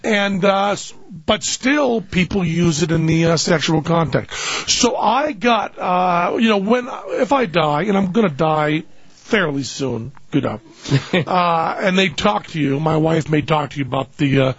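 A man's voice: on the high side, a little slow, husky, highs cut off. An older man rambling through a funny anecdote in casual chat, often laughing as he talks. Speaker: guest storyteller.

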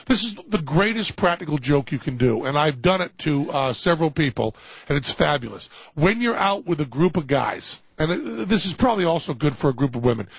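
A man hosting a radio talk show, chatting casually and telling gags with animated acted-out voices. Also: fairly high pitch, brisk, vocal fry, breathy edge, dry recording. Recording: dull lo-fi radio broadcast.

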